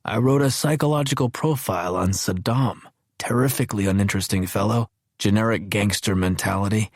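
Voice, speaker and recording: A man's voice: lowish voice, fairly quick, no echo, clean studio sound. A man reading as a frail, sly dying old man.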